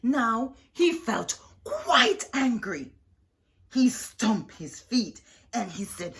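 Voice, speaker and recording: Animated woman reading a children's book. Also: on the high side, very slow. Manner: animated, drawn out, with questions to young listeners. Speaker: children's storyteller.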